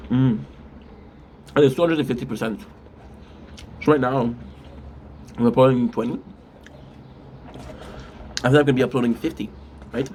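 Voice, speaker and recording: A man's voice: medium pitch, moderate pace, pauses often, darkish tone, slight background noise. A man chatting casually on a live stream while eating spicy food, rambling with restarts and frequent mm sounds.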